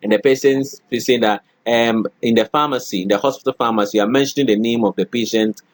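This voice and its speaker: A man's voice: mid-range voice, fairly even intonation, fairly quick, no room sound. Middle-aged guy lecturing a class, keeps saying okay and all right, dry close sound. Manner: repeats okay and all right, acts out spoken examples. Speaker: college lecturer.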